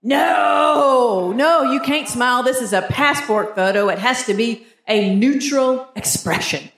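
A man's voice: very high-pitched, normal speed, a bit bright. A woman voicing an annoyed male drugstore clerk who insists on the rules, in an echoey theater with audience noise. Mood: insistent. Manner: insistent, scolding. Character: annoyed young male drugstore clerk, fussy rule-stickler.

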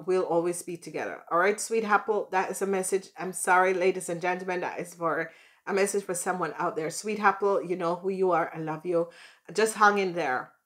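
A woman's voice: on the low side, fairly bright tone. A woman doing a casual tarot reading for her viewers, chatty and playful, rambling with fillers and calling them by pet names. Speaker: tarot reader.

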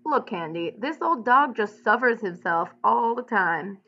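Woman reading as a blunt gruff ranch hand. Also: on the high side, expressive, measured pace, highs cut off. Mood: insistent.

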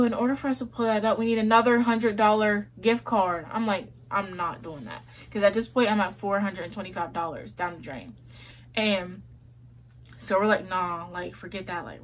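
A woman's voice: mid-range voice, a little hiss or hum. A young woman vlogger telling a story to camera in a casual, chatty way, full of fillers. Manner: chatty, many "like" fillers, quotes others in her own voice.

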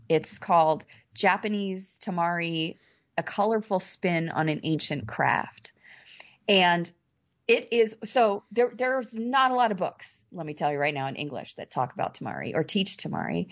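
A woman guest on a podcast, telling her story in a casual, animated and excited way. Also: lowish voice. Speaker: podcast guest, temari artist. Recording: slightly muffled podcast audio.

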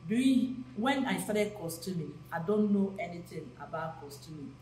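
A woman's voice: lowish voice, normal speed. A woman, telling a long story to guests and acting out what people said. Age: 50s. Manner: animated, acts out quoted voices. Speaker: actress and costumier. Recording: echoey room with faint noise.

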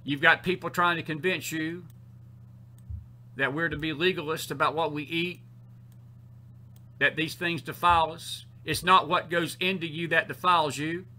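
Bright, high-voiced Southern preacher man. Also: fairly even intonation, normal speed, long pauses. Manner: emphatic, repeats key phrases; sarcastic asides to the congregation. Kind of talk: sermon.

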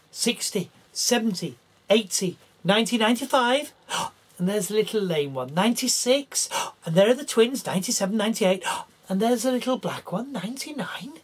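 A man telling a children's story, his voice husky and a little breathy. He swoops up and down in pitch and keeps the telling lively. He speaks straight to the children listening. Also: normal speed. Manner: animated, talks straight to the children.

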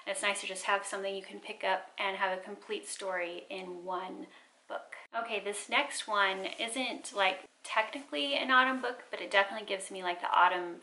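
Bright-voiced chatty woman book vlogger. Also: mid-range voice, fairly even intonation, normal speed, low-quality recording. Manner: chatty, enthusiastic, self-correcting. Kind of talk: casual chat.

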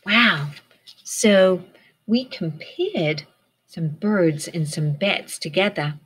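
A woman's voice: lowish voice, lively intonation, very slow, fairly bright tone, husky. A woman teacher reading a picture book aloud to children, encouraging them and asking them questions. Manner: encouraging, asks the listeners questions.

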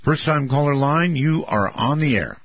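Older radio talk host, husky and musing, muffled dry broadcast sound. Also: male voice, no echo. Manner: musing, drawn-out, lively pitch swings. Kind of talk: late-night call-in radio.

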